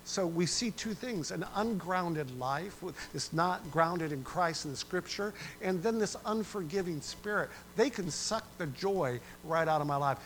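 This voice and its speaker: A man preaching a sermon as pastor, animated and conversational, acting out quoted voices and singing a verse. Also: on the high side, low-quality recording.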